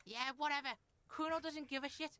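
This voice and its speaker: A woman's voice: high voice, fairly even intonation, a little fast, sharp tone, voice pushed up. A woman voicing a crude, swaggering young boy who taunts and talks about himself in the third person. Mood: taunting.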